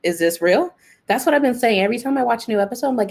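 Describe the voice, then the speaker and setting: A woman's voice: on the high side, quick pace. A woman hosting a podcast, recapping a TV episode in a casual, chatty way and acting out the characters' lines. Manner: animated, acts out characters' lines, exclaims and laughs; chatty, lots of fillers like "like" and "you know". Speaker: podcast host.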